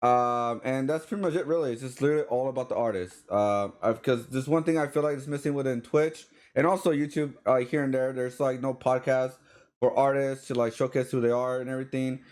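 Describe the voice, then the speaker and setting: With a steady, slightly mellow mid-range voice and a brisk delivery, a man hosts a live-streamed artist podcast. The casual interview is loose and rambling, full of fillers and restarts.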